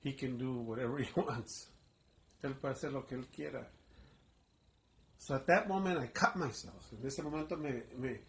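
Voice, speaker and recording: A man's voice: medium pitch, moderate pace, pauses often. Earnest male pastor giving testimony. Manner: earnest, emotional storytelling. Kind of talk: personal testimony.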